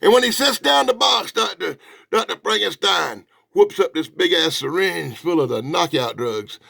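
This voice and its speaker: A man reviewing an old comic book in a loud, mocking, excitable way, swinging between shouts and mutters. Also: high-pitched, normal speed, gravelly, husky, no room sound, clean studio sound. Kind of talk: casual, rowdy comic review.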